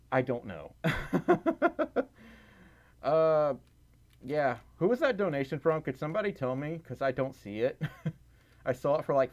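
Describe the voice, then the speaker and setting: A man's voice: a little high, darkish tone, dull audio. Rambling tired man on a livestream. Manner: rambling and self-deprecating, many fillers and laughs. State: tired, scratchy voice. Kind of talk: casual live stream chat.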